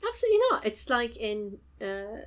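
A woman co-hosting a podcast, recapping and telling stories in an animated way, acting out the quotes in different voices. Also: medium pitch, normal speed. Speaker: podcast co-host. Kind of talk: casual recap chat.

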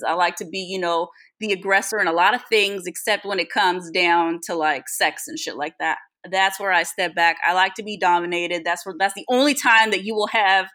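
A woman's voice: medium pitch, a bit bright. A woman co-hosting a podcast, telling a personal story in casual, profane chat. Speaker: podcast co-host.

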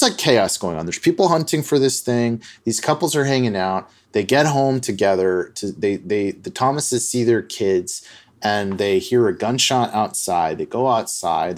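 Chatty low-voiced man telling a story. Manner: loose and chatty, many fillers like "like". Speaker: podcast host. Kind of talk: casual storytelling chat.

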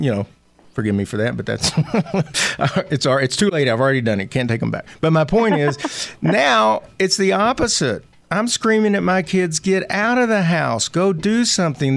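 A middle-aged Southern man with a gravelly, fry-edged voice hosts a relaxed interview, folksy and quick to laugh. His voice sounds close and dry, with no room around it. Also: mid-range voice, dry recording. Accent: Southern American. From American South. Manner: chatty, laughs often, folksy asides. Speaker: host. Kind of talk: casual interview chat.

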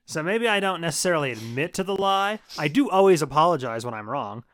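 A man's voice: a little high, animated, fast, fairly bright tone. A man co-hosting a casual movie review podcast, laid-back and swearing freely. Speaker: podcast co-host.

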